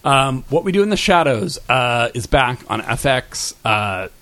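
A man's voice: mid-range voice, animated, unhurried, bright, forceful tone. A man co-hosting a podcast, reviewing shows and books in casual, rambling chat full of "like" and "um". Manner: rambling, filler-heavy, frequent "like" and "um". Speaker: podcast co-host. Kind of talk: casual pop-culture chat.

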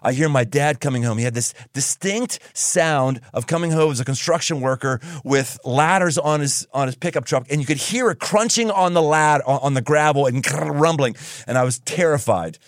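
A male podcast host telling a funny story in a casual, animated way and laughing as he goes. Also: fairly high pitch, moderate pace, hardly any pauses, no room sound, clean studio sound.

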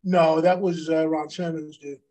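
Fondly recalling the past, a podcast co-host in his fifties who once wrestled professionally rambles through casual talk, full of fillers and false starts. He speaks unhurriedly in a fairly high, level voice with a darkish tone.

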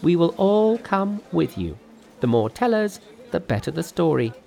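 A man voicing a boastful, clever male monkey sage in an audiobook, talking in a brisk, haughty, self-assured way. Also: on the high side, big pitch swings, gravelly, mellow, voice pushed up. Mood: confident. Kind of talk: audiobook narration with character voices.

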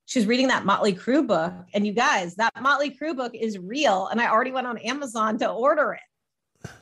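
A woman's voice: a little high, animated, moderate pace, fairly bright tone, slightly rough. A woman hosting a casual podcast chat, chatty and teasing, laughing often. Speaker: podcast host.

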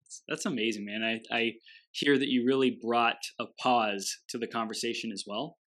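A man's voice: medium pitch, fairly even intonation, moderate pace, fairly bright tone. A man speaking on a podcast in a casual conversation, reflective and supportive. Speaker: podcast co-host or guest.

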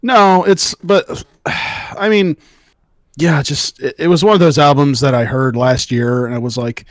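A man's voice: fairly high pitch, a little slow, no room sound. A man co-hosting a casual radio show, joking and swearing freely as he talks into a studio mic. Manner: joking, profane, animated. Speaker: radio co-host.

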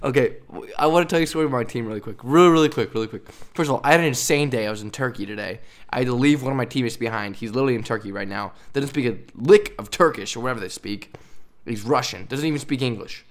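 A young man in his twenties hosting a podcast, talking fast and excitedly, rambling through stories and laughing often. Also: medium pitch. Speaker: podcast host. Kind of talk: casual podcast chat.

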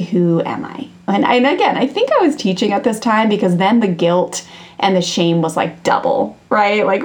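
A woman in her thirties, a podcast host and parenting coach, telling a personal story in a chatty way, with many fillers and restarts. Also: medium pitch. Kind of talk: casual storytelling monologue.

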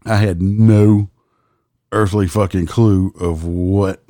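A man's voice: deep voice, steady tone, slow, mellow, dry recording, clean studio sound. A man, a host telling a casual, profane story and laughing as he goes. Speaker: podcast host and police officer.

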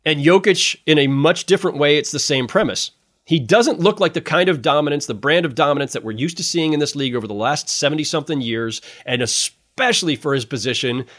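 A man's voice: on the high side, a little fast. A man, a sportswriter guest, chatting casually on a sports podcast and laughing between points. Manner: animated, restarts often, laughs between points.

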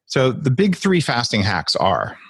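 A man's voice: medium pitch, huge pitch swings, measured pace, a bit bright, breathy edge, no echo, studio quality. A man talking as a podcast guest, playfully acting out the voices in people's heads as he explains. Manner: playful, acts out inner voices. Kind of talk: animated interview talk.

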